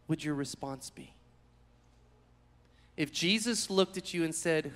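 Male pastor, high voice, lively storytelling sermon in a reverberant hall. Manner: animated storytelling, acts out quotes.

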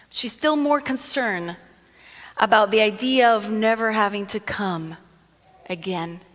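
A woman with a high voice reads scripture aloud and then talks it through in an easy, conversational way. Her words ring out with a long reverb trail, as in a large hall. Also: a bit bright. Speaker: Bible teacher. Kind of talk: sermon with scripture reading.

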